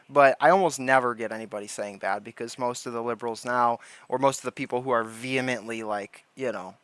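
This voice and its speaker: A man chatting on his livestream in a loose, rambling way, with laughter breaking into his stories. His voice sits at a middle pitch. The sound is dry and close. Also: a bit bright, no echo. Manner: rambling storytelling, laughs often. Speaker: livestream host. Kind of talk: casual livestream chat.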